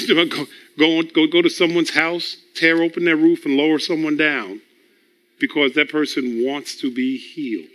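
A man delivering a conversational sermon with a bright, forceful voice that sits a little high for a man. He teaches through personal stories, chuckles between thoughts and circles back over words as he gets his point out. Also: steady tone, a little slow. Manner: chuckles often, repeats words as he builds a point; storytelling, teaching tone. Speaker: preacher.

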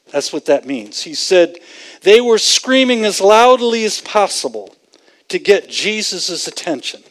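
On a low-quality recording, a high-voiced man delivers sermon teaching with earnest emphasis. He explains scripture and brings passages to life by acting out quotes vividly.

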